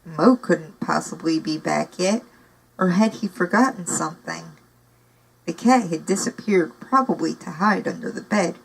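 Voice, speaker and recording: A woman's voice: lowish voice, a little slow, vocal fry, breathy edge, poor audio. A woman reading a novel aloud, narrating steadily with occasional casual asides. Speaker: audiobook reader.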